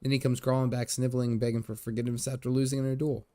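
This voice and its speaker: A man reading out a gruff, bitter aging adventurer in rough, folksy phrasing, stumbling now and then. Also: medium pitch, level tone, racing, mellow, natural voice. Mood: aggrieved.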